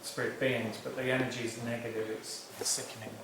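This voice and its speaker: A man's voice: medium pitch, level tone, a little fast. Hesitant man medium in an echoey room. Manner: hesitant, describing sensations. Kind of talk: paranormal investigation. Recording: echoey room with background noise.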